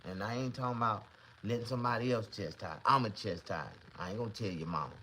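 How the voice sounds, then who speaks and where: A man vlogging to camera, telling a comedic story in a profane, boastful, animated way. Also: lowish voice, quick pace, slight background noise, poor audio.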